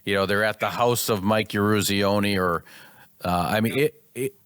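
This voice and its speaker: A man's voice: on the low side, moderate pace, fairly bright tone, smooth, no room sound. A man hosting a hockey podcast, asking eager, enthusiastic questions like a devoted fan. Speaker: podcast host. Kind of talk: conversational interview.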